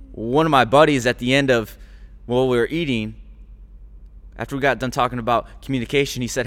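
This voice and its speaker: Male podcast host, slightly high voice, preachy, repetitive motivational talk, reverberant room. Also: fairly bright tone. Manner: preachy, repetitive, builds to fervent exhortation.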